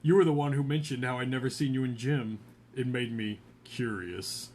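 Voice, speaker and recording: A man reading aloud as a brooding young male vampire suitor, in a soft, low-key voice. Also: steady tone, normal speed, lightly acted. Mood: restrained.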